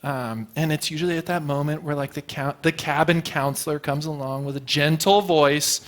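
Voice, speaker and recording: A man's voice: a little high, steady tone, normal speed, few pauses. A man preaching a sermon to his congregation in a casual, storytelling way, asking rhetorical questions and using everyday fillers. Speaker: pastor. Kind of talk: conversational sermon. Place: church sanctuary before a congregation.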